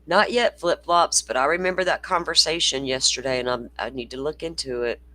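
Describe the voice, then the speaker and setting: A woman's voice: sits low, a little fast, sharp tone, dry recording. A woman from Florida with a Southern accent, hosting a casual livestream chat; she swears freely, rambles and laughs often. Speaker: livestream host.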